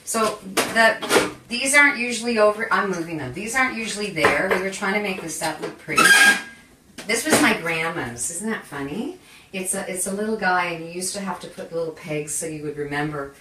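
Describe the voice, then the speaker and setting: A woman's voice: on the low side, brisk, noisy background. Chatty woman cooking in an echoey kitchen. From Canada. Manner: chatty, animated and self-deprecating, with frequent asides. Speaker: cooking show host. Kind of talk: live cooking demonstration. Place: home kitchen. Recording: echoey kitchen, mic at a distance.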